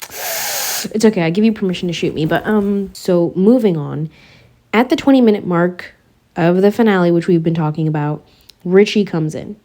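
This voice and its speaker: A woman's voice: lowish voice, normal speed, mellow. A young woman casually analyzing a TV show for her viewers, chatty and slangy, often going off on tangents. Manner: rambling, goes off on tangents. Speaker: YouTuber reviewing a TV show.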